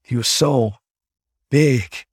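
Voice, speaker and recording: A man's voice: mid-range voice, drawn-out words, slightly rough, no room sound, clean studio sound. A man voicing a nervous young male dog-hybrid student who talks shyly and hesitantly, with stammers. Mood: bashful.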